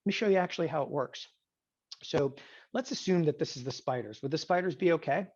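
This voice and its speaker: A man teaching an options trading class, animated and sarcastic, often acting out students' voices. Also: a little high, fairly quick, slightly rough. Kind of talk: classroom lecture. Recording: dull lo-fi sound.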